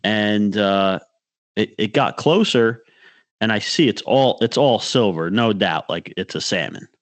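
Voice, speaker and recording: A man with a low voice, recorded dry and close. He rambles through a fishing story in casual podcast chat, restarting sentences and acting out the lines of the people in it. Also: lively intonation, measured pace, dry recording. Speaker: podcast co-host.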